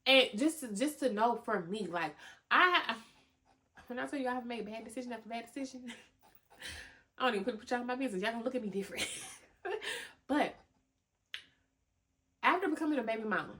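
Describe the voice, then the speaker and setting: A young woman hosting a podcast, giving animated motivational talk full of slang, cussing and laughter. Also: a little high, brisk, long pauses. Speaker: podcast host. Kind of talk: motivational casual talk to listeners.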